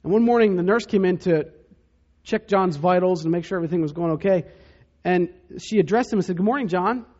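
A man preaching a sermon as pastor, dramatic, dropping to a hush to stress key points. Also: high-pitched, a little fast, highs cut off. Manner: dramatic, drops to a hush for emphasis.

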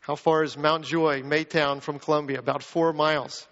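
A man preaching a sermon, animated, acting out the quoted lines in a rising voice. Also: fairly high pitch, normal speed, big-room sound, muffled recording. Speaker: pastor.

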